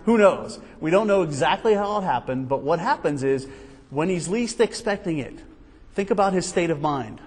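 Animated man teaching a Bible study. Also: on the high side, moderate pace, breathy edge, in a large hall. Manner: conversational, animated, full of rhetorical questions.

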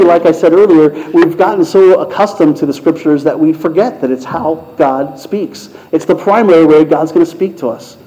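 A pastor giving a sermon, retelling a story in a conversational way. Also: male voice, on the high side, mellow. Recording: muffled lo-fi sound.

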